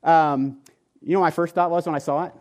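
Man, 40s, pastor; slightly high voice, conversational and joking sermon delivery to a live congregation. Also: steady tone, fairly quick, a little mellow. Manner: joking, conversational, talks to the audience. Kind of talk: sermon with humorous storytelling. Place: church before a live congregation.

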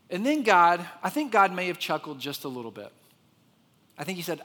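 A man preaching a sermon, telling the story with lively expression and dropping to a hushed voice for the quiet parts. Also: fairly high pitch, a little fast, long reverb tail. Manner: expressive storyteller, drops to a soft hush for quiet moments. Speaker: pastor.

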